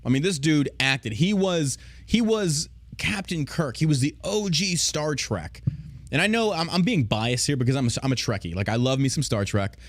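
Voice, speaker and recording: A man's voice: fairly high pitch, lively intonation, normal speed. A man hosting a podcast, ranting in casual, profane, sarcastic commentary. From United States. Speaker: podcast host.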